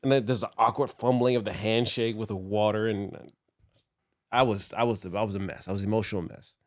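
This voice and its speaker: A former wrestler looks back on his career in a casual interview, laughing often as the memories turn emotional. His voice sits on the low side with fairly even intonation and a brisk pace, recorded in studio quality with no echo.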